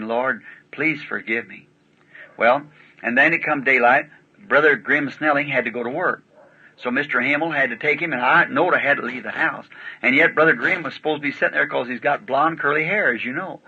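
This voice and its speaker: A man preaches in a folksy, rural way, leaning into asides as he tells his story. His voice is bright and husky. The recording sounds like dull, muffled old tape. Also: on the high side. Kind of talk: sermon storytelling.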